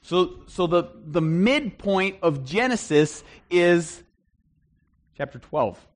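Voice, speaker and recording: Middle-aged male pastor, conversational teaching sermon, emphatic at times, a touch high-pitched. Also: lively intonation, slow pace. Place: church hall with congregation.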